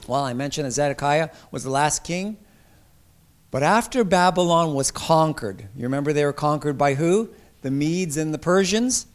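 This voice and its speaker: A man preaching a sermon with emphasis, reading scripture slowly and asking his listeners questions. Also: fairly high pitch. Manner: emphatic, asks the congregation questions; reads scripture aloud slowly. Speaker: pastor.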